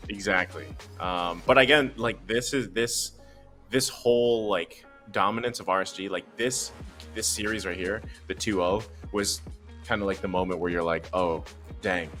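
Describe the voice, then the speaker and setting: A man's voice: low voice, normal speed, a bit bright, faint music behind. A man, an esports caster, talking in an upbeat, rambling way on a recap panel. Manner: upbeat, rambling, many fillers. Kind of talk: casual panel chat.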